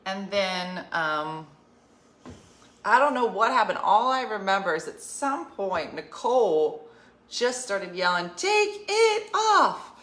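A woman's voice: medium pitch, animated, slow, a bit bright, reverberant. A woman hosting an online show, chatting casually with viewers and laughing as she tells stories. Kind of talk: casual live-stream chat.

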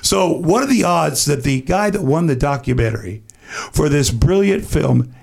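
A man telling an animated, profanity-laced anecdote as a podcast guest, acting out what others said. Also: a little high, normal speed, gravelly, slightly rough. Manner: acts out other people's lines. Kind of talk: casual storytelling.

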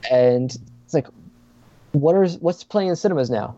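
A man's voice: fairly high pitch, lively intonation, moderate pace, dark tone, no room sound. A man talking as a podcast guest in a casual chat, earnest and hesitant, with many fillers. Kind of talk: casual conversation. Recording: dull lo-fi sound.

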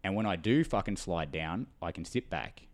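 A man talking as a guest on a podcast, an animated storyteller who swears freely. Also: deep voice, moderate pace. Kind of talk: casual podcast conversation.

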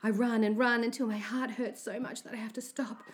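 Brief: a woman narrator reading a children's story with expressive, anxious delivery. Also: a little high, a little fast. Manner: expressive, anxious first-person telling.

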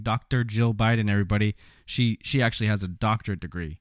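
A man's voice: on the low side, fast talker, no room sound, studio quality. A man giving opinionated political commentary in a sarcastic, indignant, mocking manner.

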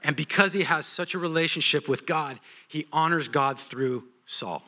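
A man preaching a sermon, telling a story in an animated, humorous way. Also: a little high, moderate pace.

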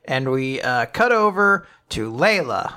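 A man hosting a podcast, casually recapping a comic chapter with animated, laughing delivery. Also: medium pitch, a little slow, clean tone. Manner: animated, laughing, slips into character voices. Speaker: podcast host.

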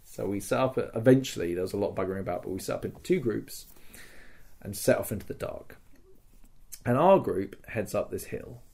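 A man's voice: on the low side, animated, brisk, gravelly, mellow, breathy edge. A man on a podcast, telling a story in casual chat, swearing freely and acting out the scenes with sound effects. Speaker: podcast host.

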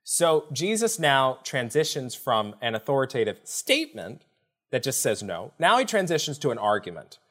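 This podcast guest, an author, explains a Bible story while chatting, animatedly voicing the people he quotes. He's a man with a medium-pitched voice and a moderate pace.

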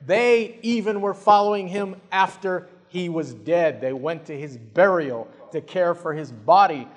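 Slow dramatic male preacher in a hall. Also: fairly high pitch. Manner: dramatic storytelling with swings between hushed and loud. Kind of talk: sermon. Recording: long hall reverb.

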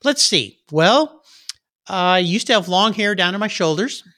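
Middle-aged podcast host as a guest, bright upbeat storyteller, dry booth sound. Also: male voice, sits high, expressive, measured pace, no echo. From Southern California. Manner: upbeat storyteller, acts out voices in anecdotes. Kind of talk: casual interview chat.

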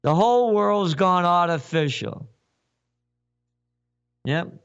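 A man's voice: a little high, sing-song, slow, pauses often, fairly bright tone. A man hosting a commentary show, ranting sarcastically with mocking asides and wordplay. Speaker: host.

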